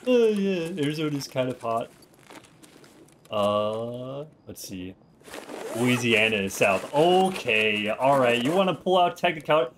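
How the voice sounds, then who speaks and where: A man's voice: medium pitch, very animated, measured pace, fairly bright tone, slight background noise. A young man with a slight Minnesotan accent, a streamer and former Marine, chatting loosely and profanely while playing a game. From Minnesota, USA. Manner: loose, rambling, profane banter. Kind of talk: casual gaming chat on stream.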